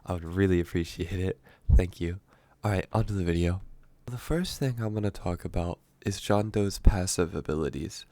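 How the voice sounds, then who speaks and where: A man's voice: deep voice, moderate pace, mellow, dry recording. A sick, congested man with a stuffy voice, casually explaining a game character's abilities as a voice-over. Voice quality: stuffy, nasal from a cold. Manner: chatty, explains step by step with fillers. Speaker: gaming YouTuber.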